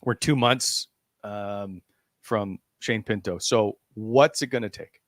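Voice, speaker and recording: A man's voice: on the low side, takes it slowly, dry recording. Man hosting a hockey talk show, dry sound. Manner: leads the discussion, puts questions to the panel. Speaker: sports talk show host.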